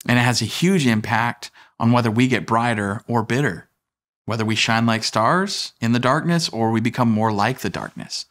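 Man, pastor, sermon, conversational with asides, medium pitch. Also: normal speed, a bit bright.

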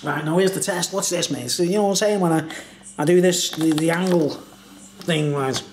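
A man's voice: a little high, fairly even intonation, moderate pace. A tipsy man reviewing beer in a casual, meandering monologue full of filler phrases. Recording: echoey room.

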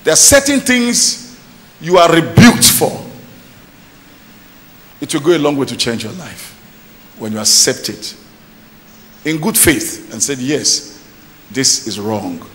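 In a reverberant church hall with faint noise, a pastor delivers an emphatic sermon, often checking whether the congregation is listening. His fairly high, slightly bright voice is expressive, measured in pace, and marked by long pauses.

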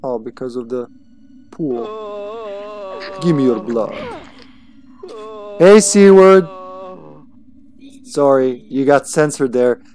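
A man's voice: mid-range voice, lively intonation, takes it slowly, pauses often, over music. A man streaming a game live, chatting casually with viewers and swearing freely as he plays. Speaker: livestream gamer. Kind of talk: casual live gameplay commentary.

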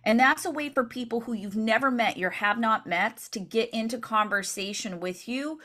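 Coaching a room of real estate agents, this energetic, chatty woman speaks at a moderate pace in a fairly high pitch. "Right?" comes up often as she checks in.

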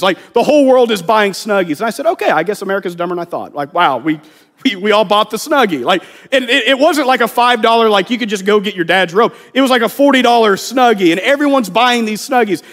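A man preaching a sermon in a conversational way, acting out the voices of people he quotes. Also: very high voice. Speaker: pastor.

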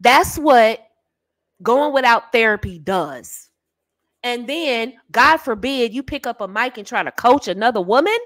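A woman's voice: a little high, expressive, unhurried, fairly bright tone, no room sound. A woman hosting a channel as a dating coach, giving sassy, emphatic straight-talking advice and calling the listener baby and honey.

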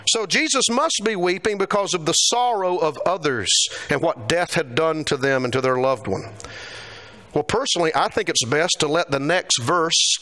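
A man delivers a sermon in a church with a lively, bright voice. He swings through a wide pitch range and leans into quoted lines with dramatic emphasis. His tone is a little higher than most men's. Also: normal speed. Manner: animated, acts out quotes with rising pitch. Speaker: preacher.

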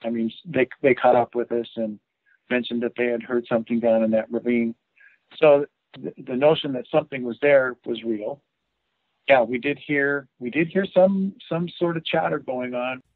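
A man guest speaking in a measured, matter-of-fact way in casual conversation. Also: mid-range voice, expressive, no echo. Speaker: interview guest. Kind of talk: casual interview chat. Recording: tinny phone line.

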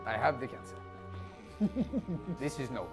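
A man voicing a gruff, deadpan middle-aged teacher in a low, mock-serious impression, heard in a video clip with music behind. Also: a little slow.

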